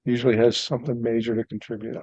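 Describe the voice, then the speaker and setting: A man's voice: medium pitch, flat delivery, fast talker, darkish tone, no room sound, dull audio. A man hosting a podcast, talking in a philosophical, emphatic way about truth and experience. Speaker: podcast host. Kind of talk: casual conversation.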